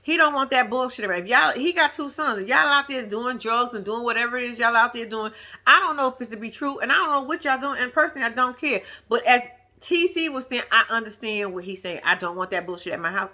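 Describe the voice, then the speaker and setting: A woman casually recapping a reality TV episode, slangy and animated, laughing often. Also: on the high side, fast talker.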